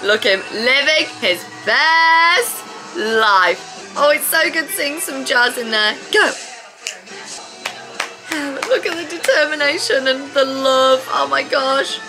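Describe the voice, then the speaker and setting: A woman reacting to a dance show in casual, gushing commentary that swings between squeals and quiet awe. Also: sits high, slow, low-quality recording. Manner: excitable, gushing, squeals and laughs. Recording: loud TV music behind the voice. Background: TV show music playing.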